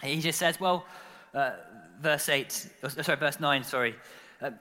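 A man preaching a sermon, telling the story in an animated way with lots of fillers and repeated words. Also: a little high, measured pace, long reverb tail. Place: church.

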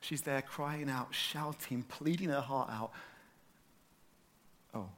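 A man giving a sermon to a gathered audience in an easy, chatty way, often turning questions to the listeners. His voice sits at an ordinary middle pitch for a man, and he talks with eager, animated energy. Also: slow. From north London, England. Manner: conversational, animated, asks the room questions. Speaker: preacher.

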